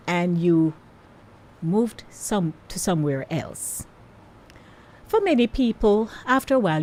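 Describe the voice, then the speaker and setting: Woman, radio host, casual chat, playful, speaks right to her audience. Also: deep voice. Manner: chatty, playful, talks straight to listeners.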